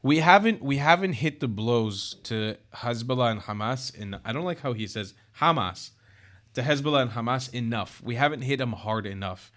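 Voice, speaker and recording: A man's voice: medium pitch, lively intonation, normal speed, fairly bright tone. Profane, chatty male news commentator.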